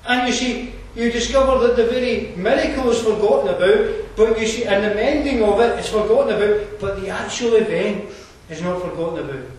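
A man's voice: sits high, a little fast, few pauses, a little hiss or hum. A man from Scotland, preaching a sermon in an earnest, conversational way with asides and fillers. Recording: roomy distant hall mic.

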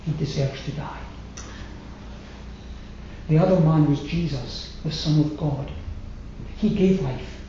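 A man preaching a sermon, slow and emphatic, letting his phrases fall away to a hush. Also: on the high side, a little hiss or hum. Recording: very echoey hall, slightly dull sound.

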